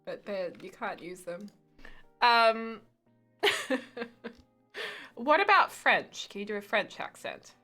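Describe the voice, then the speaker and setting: A woman live-streaming a building game with a bright, fairly high voice. She talks slowly, her pitch swinging widely, and she keeps dissolving into giggles. Faint music plays underneath. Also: sing-song. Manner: giggly, often breaks into laughter. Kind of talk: casual live-stream chat while gaming.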